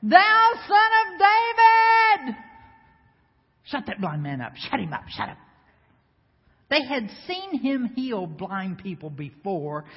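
A woman preacher delivering a lively sermon, bantering with the congregation and firing off rhetorical questions. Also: medium pitch, measured pace, breathy edge. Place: church sanctuary before a congregation. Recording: echoey hall, slightly dull sound.

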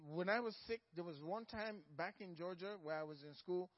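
Man, pastor, high voice, church sermon, emphatic, repetitive, loud-soft swings, muffled lo-fi audio. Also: brisk. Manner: emphatic, repeats key phrases for stress; swings between loud stresses and soft low asides.

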